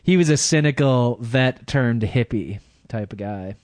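A man's voice: medium pitch, measured pace, a little mellow, dry recording. A man on a podcast, telling a rambling story in casual chat, laughing through it. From Michigan. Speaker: podcast regular.

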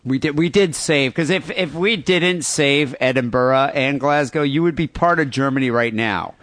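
American dude on a podcast, sarcastic and rambly, swears a lot, dry close mic. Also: male voice, medium pitch, moderate pace, a bit bright, dry recording. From United States. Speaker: podcast co-host. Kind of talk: casual crude banter, reading listener emails.

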